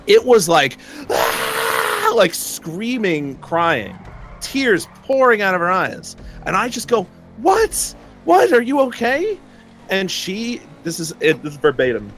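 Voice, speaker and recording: A man's voice: a little high, very animated, unhurried, fairly bright tone, soft background music. A young man telling a long personal story in casual chat, rambling with many fillers and frequent laughs.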